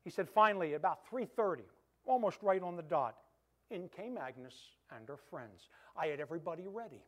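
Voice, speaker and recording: A man preaching a sermon, retelling a story in lively quoted dialogue. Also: high-pitched, moderate pace.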